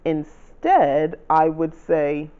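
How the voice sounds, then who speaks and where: A man hosting his own channel, casually walking viewers through rewriting a spell, chatty and self-correcting, reading spell lines out slowly. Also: fairly high pitch, big pitch swings, smooth, highs cut off. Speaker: channel host teaching spell writing. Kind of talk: casual how-to explanation.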